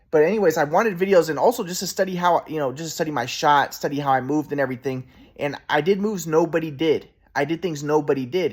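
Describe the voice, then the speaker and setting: Rambling young man with a lively voice. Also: on the high side, husky. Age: 20s. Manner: rambling, repetitive, with restarts. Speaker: vlogger. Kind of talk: rambling personal monologue.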